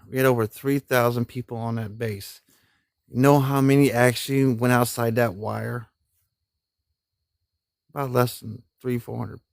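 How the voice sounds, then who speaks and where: Gravelly-voiced veteran spinning yarns. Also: male voice, mid-range voice, darkish tone, no echo, studio quality. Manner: rambling, profane, laughs often, folksy grammar. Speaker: army veteran telling war stories. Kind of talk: casual storytelling on a live stream.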